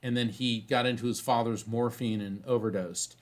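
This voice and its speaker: A man being interviewed as a psychic medium, telling a story in an animated way and often restarting phrases. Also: mid-range voice, normal speed.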